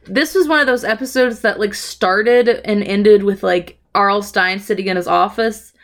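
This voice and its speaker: A young woman chats loosely about a show, stringing the story together with "like" and "um". Her voice sits at an ordinary middle pitch. She sounds offhand and profane. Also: unhurried. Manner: rambling, profane storytelling with frequent fillers. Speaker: podcast co-host recapping a TV episode. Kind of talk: casual chat.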